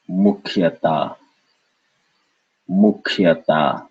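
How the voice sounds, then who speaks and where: Deep husky guy teaching very slowly, spells out each syllable, kinda dull lo-fi audio. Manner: patient, breaks words into syllables and repeats them. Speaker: language teacher. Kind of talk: slow syllable-by-syllable language lesson.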